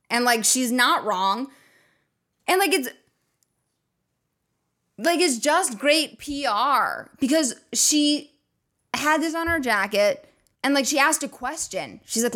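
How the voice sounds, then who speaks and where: A woman's voice: high-pitched, expressive, moderate pace, a bit bright. A woman hosting a comedy podcast, rambling through a profane casual monologue with lots of fillers and acted-out quotes.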